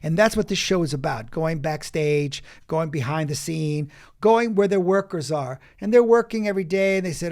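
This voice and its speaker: Man, acting coach guest, emphatic, animated storytelling, quick bursts, somewhat high voice.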